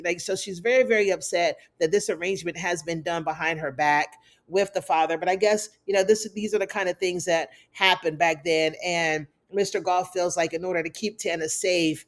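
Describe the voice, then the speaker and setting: A woman's voice: fairly low pitch, steady tone, normal speed. A woman hosting a casual TV episode recap, chatty and sassy, calling her viewers "y'all". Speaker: TV recap host.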